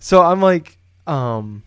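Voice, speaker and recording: A man co-hosting a podcast, telling a long story casually from his home office, rambling with many fillers and restarts. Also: a little high. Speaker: podcast co-host.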